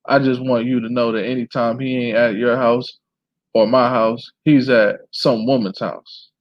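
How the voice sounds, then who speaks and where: A man's voice: mid-range voice, flat delivery, normal speed, dry recording, lightly acted. A man reading the part of a polite, restrained mother in a memoir, on a dull dry recording.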